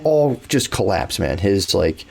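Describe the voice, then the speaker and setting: A podcast co-host tells rambling, casual stories packed with swearing and filler words. His low, creaky voice swings widely in pitch, and he speaks at a measured pace.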